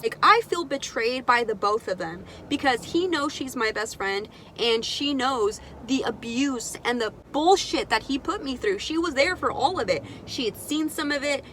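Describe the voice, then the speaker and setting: A young woman telling a personal story in a candid, animated, profane way on her vlog. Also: sits high, slight background noise. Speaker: vlogger. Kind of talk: casual storytime.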